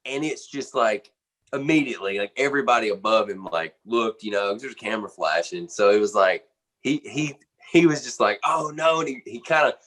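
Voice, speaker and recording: Low-pitched American man, guest drummer, loose chatty anecdote with lots of "um" and "you know". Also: a little fast, fairly bright tone. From United States. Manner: rambling storyteller, many fillers and restarts, laughs often. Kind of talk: casual anecdote in an interview.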